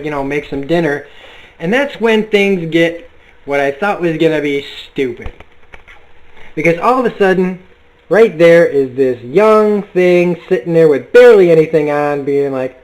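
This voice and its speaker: A man talks through a comic book review in a loose, rambling way. He swears freely and gets worked up as he goes. His voice sits a little above the usual male pitch. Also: rough recording. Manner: excitable, profane, rambling. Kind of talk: casual spoken review.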